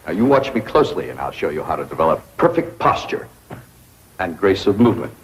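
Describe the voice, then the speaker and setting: A man's voice: deep voice, sing-song, brisk, slight background noise, low-quality recording. An actor playing a pompous, lovestruck young society man in a 1960s sitcom, declaiming grandly.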